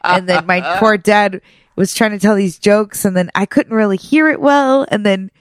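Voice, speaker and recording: A woman's voice: medium pitch, moderate pace, no echo. Chatty woman laughing, dry sound. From Persian family. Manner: laughing often, animated storytelling. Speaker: podcast co-host. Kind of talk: casual chat.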